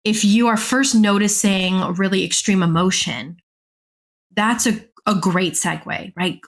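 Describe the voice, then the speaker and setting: A woman's voice: mid-range voice, measured pace. A woman in her thirties, a dance therapist guest, explaining ideas in a reflective, casual way and acting out quoted thoughts. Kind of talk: casual podcast conversation.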